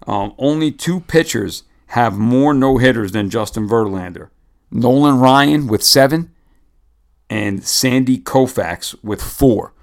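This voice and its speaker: A man's voice: mid-range voice, takes it slowly. A man co-hosting a laid-back sports podcast in a medium voice. He reels off figures and where he found them in an easygoing, conversational way, tossing in the odd "you know" and "uh.". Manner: relaxed, rattles off stats and cites sources. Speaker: podcast co-host. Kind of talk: casual sports podcast chat.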